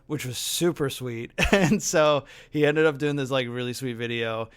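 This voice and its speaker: A young man hosting a podcast, telling stories in a casual, lively way and acting out other people's lines. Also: mid-range voice, moderate pace, clean tone. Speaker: podcast host. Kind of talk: casual storytelling chat.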